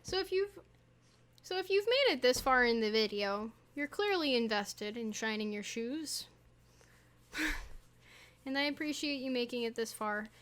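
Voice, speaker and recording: A woman's voice: a little high, expressive, unhurried, long pauses, fairly bright tone. A young woman chatting casually while showing a tutorial, playful and rambling with little asides. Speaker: YouTuber.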